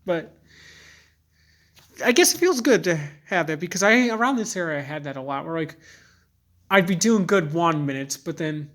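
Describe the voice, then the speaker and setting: Halting, rambling young man, slightly high voice. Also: expressive, fairly bright tone. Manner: rambling and halting, full of fillers and restarts; earnest and candid. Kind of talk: personal vlog monologue.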